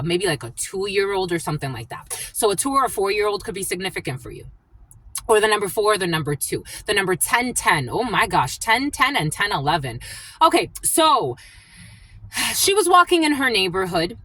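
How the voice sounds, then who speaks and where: A woman's voice: medium pitch, fairly bright tone, low-quality recording. A woman giving a casual tarot reading, telling a story in a rambling way with many fillers and acting out the people in it. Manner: acts out the people in her anecdotes. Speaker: tarot reader.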